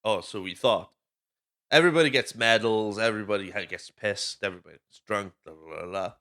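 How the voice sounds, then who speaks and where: A Welsh man hosts a casual movie podcast, his voice sitting a little low but with a bright, forceful edge. He rambles through the plot in loose chat, swearing freely and wandering off on tangents. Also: fairly quick. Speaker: podcast host.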